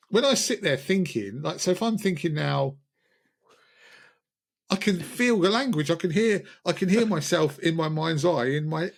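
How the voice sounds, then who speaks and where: A man co-hosting a casual pub-style podcast chat, rambling and joking at himself. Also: on the high side. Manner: rambling, jokey, self-mocking. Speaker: podcast co-host.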